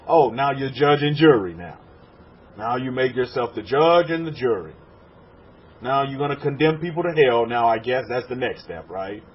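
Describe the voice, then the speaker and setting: Preacher with lively pitch. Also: male voice, normal speed, slightly rough. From Texas. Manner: lively preaching, addresses the congregation, acts out quotes, repeats words. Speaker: rabbi. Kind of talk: sermon. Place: room with a congregation. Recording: dull lo-fi sermon recording with faint noise.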